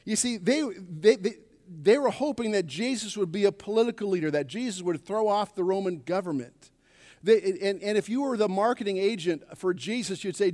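In a church sanctuary, a male pastor preaches and calls on the congregation to respond. He speaks briskly in a high-pitched voice with a darkish tone, and the hall's long reverb fills the recording.

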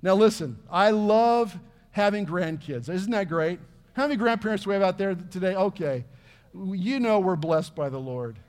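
Middle-aged pastor guy, fairly high voice, chatty earnest sermon w lots of questions. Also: animated, normal speed, a little mellow. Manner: earnest, conversational preaching with rhetorical questions.

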